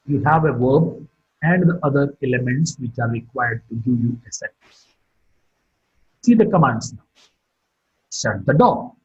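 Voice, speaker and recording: A man giving a phonetics lecture online, speaking slowly and deliberately and repeating example sentences with stress on the last word. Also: a little high, breathy edge. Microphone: computer or phone mic for online class. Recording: dull, muffled lo-fi audio.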